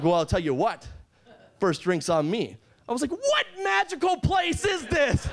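Young male stand-up comic, high lively voice, shouts his bits, club stage mic. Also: a little hiss or hum. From Calgary, Canada. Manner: animated, swings into loud shouting for quoted characters. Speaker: stand-up comedian. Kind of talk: stand-up set.

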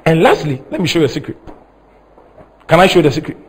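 A man with a husky voice preaching a sermon, dramatic, moving from slow, soft teaching to high, shouted emphasis. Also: sing-song, slight background noise, poor audio. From Ghana. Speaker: prophet preaching.

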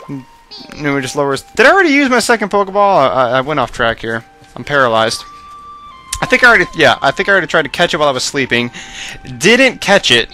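A young man giving casual, rambling commentary over a video game, his voice strained and worn out, bursting into excited shouts. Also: on the high side, a little fast, faint music behind. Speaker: gaming commentator.

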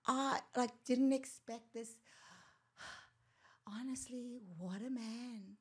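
A woman, telling her own story as a podcast guest, animated and rambling, laughing often and dropping into whispers. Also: on the high side, drawn-out words, breathy edge. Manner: animated, laughs often, drops to a whisper for asides and remembered thoughts; rambling, with many fillers and restarts. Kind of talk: casual storytelling in a conversation.

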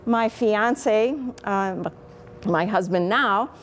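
A woman's voice: mid-range voice, very slow, slight background noise. A woman in her fifties with a Chicago accent, a microbiology professor giving a candid, chatty talk on teaching. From Chicago, USA. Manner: candid, chatty, self-deprecating.

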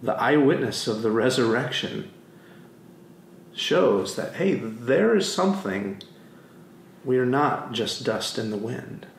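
Male pastor, mid-pitched, animated storytelling, roomy church sound with faint background hum. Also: slow, creaky, pauses often. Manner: animated storytelling, acts out quotes. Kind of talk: sermon. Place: church sanctuary.

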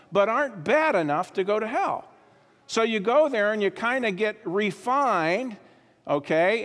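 Brief: male pastor, high-pitched, emphatic sermon delivery, long hall reverb. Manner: emphatic, repeats key phrases, drops to quiet asides. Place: church sanctuary.

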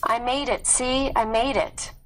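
A woman's voice: fairly high pitch, steady tone, a little slow, slight background noise, voice pushed up, natural voice. A woman voicing an exhausted young male cousin in a read-aloud story, speaking in a weak, groaning way. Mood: feverish.

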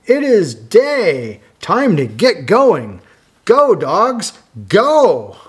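An older man voicing a cheery dog who briskly rouses the other dogs in a storybook reading. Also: high voice, huge pitch swings, husky, voice pushed up, heavily acted. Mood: rousing.

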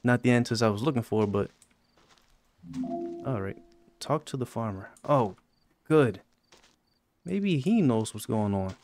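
A man hosting a gaming channel, giving casual commentary on a horror game and yelping high when he gets scared. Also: lively intonation, a little slow, pauses often, a little mellow, no room sound. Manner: talks to game characters jokingly.

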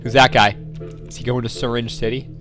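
A man's voice: mid-range voice, level tone, fairly quick, a bit bright, faint music behind. A young man hosting a gaming video, giving sarcastic, jokey running commentary as he plays. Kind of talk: joking let's-play commentary.

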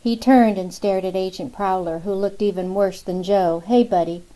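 A woman narrating a novel in a steady, even storytelling manner. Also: medium pitch, moderate pace, rough recording. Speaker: audiobook narrator. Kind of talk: scripted narration.

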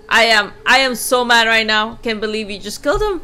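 A woman's voice: on the high side, a little fast, hardly any pauses, pushed and bright. A young woman commenting on a horror game she plays, blunt and sarcastic, swearing as she reacts. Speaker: gamer playing a horror game. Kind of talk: let's play commentary.

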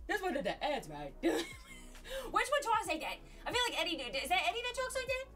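A woman streamer chatting casually and loudly on a live stream, greeting viewers with a bubbly, giggly energy. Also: very high voice, wildly swooping pitch, moderate pace, faint music behind.

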